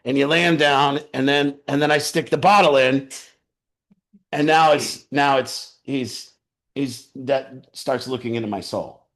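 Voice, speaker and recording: A man's voice: mid-range voice, fairly even intonation, measured pace, fairly bright tone. A man telling a personal story in a casual, rambling way. He often restarts his sentences and laughs as he talks. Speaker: storyteller sharing a personal account.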